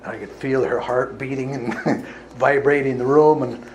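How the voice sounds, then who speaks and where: A man's voice: mid-range voice, steady tone, normal speed, a little mellow, a little hiss or hum, low-quality recording. A man, a healer, telling a vivid case story to listeners in an earnest, emphatic way. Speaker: healer giving a talk. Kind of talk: storytelling talk to an audience.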